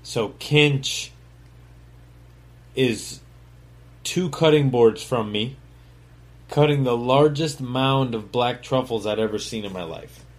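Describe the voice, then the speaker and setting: A man's voice: medium pitch, slow pace, long pauses. A man hosting his own talk show, telling his life story in a loose, rambling way with lots of fillers and swearing, dropping to a mumble on asides. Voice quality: swears freely, acts out other people's voices in quoted dialogue. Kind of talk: casual storytelling monologue.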